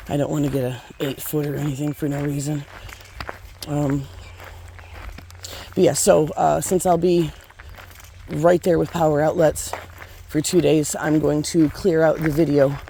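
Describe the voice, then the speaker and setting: A woman's voice: deep voice, vocal fry, dark tone, a little hiss or hum. A middle-aged woman hiking and filming herself, talking in a rambling, chatty, enthusiastic way. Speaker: hiker vlogger. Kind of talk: casual trail vlog. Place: outdoors on a hiking trail.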